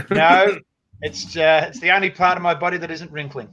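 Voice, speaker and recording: A man's voice: fairly high pitch, steady tone, normal speed, highs cut off, background noise. A man with an Australian accent, a comedy performer guest who chuckles and speaks in a laid-back way on a panel show. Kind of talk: jokey panel banter.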